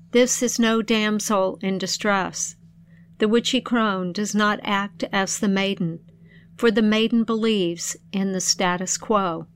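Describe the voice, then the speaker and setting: A woman narrating an old folk tale in a measured, expressive storytelling voice, then reflecting on its meaning. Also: medium pitch, clear, resonant tone.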